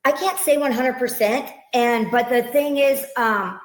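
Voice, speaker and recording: A victim's mother recounts events in an emotional interview, her fairly high voice halting and restarting often as she quotes what others said. The low-quality recording was made in an echoey room.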